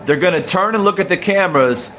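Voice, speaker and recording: A man's voice: high voice, fast, a bit bright. A young man casually reacting to a boxing clip for his viewers, cursing, laughing and calling them bro in disbelief. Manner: laughing, incredulous, profane, addresses viewers as bro. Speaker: boxing commentator.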